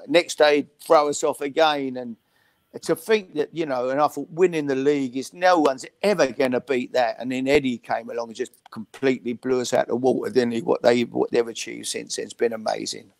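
A man's voice: medium pitch, vocal fry, no room sound. An older man, telling football anecdotes as a guest on a call-in interview and acting out the voices of others. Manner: lively storyteller acting out voices, chuckling. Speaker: guest, former football manager. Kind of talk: anecdotal storytelling. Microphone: video call.

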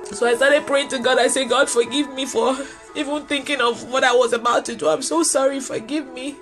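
High-voiced woman preaching earnestly online. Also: steady tone, a little fast, a bit bright, soft background music. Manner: earnest, personal, repeats lines for emphasis. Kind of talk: livestreamed sermon to online viewers.

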